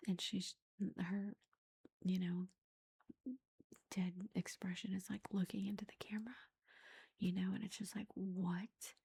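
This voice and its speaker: A woman whispering her way through an ASMR book review, her voice almost all breath with a gravelly edge. The tone is dark and mellow as she rambles through the plot, leaning on "like" and "you know" between thoughts. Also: mid-range voice. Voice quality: unvoiced whisper.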